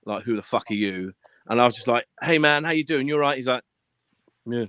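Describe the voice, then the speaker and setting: A man telling stories in a casual live-stream chat, animated and full of swearing, acting out what people said. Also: mid-range voice, fairly quick, clean tone, no echo. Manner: animated storyteller, swears a lot, acts out quotes.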